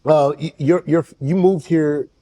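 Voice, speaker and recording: A man hosts the interview, asking his guest questions in a thoughtful, easygoing way. He often stumbles and restarts his sentences, and his voice sits slightly high. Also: steady tone, unhurried, mellow.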